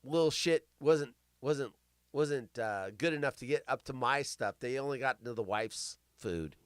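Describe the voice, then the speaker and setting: A man's voice: medium pitch, moderate pace, clean tone, dry recording, clean studio sound. A male host telling crude, self-mocking stories and riffing on the news on a live comedy show.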